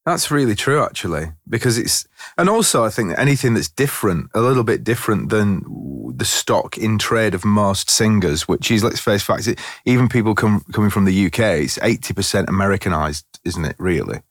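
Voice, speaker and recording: A man's voice: lowish voice, expressive, fairly quick, no echo, studio quality. A man hosting a casual interview, talking in an easygoing and encouraging way. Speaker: podcast host.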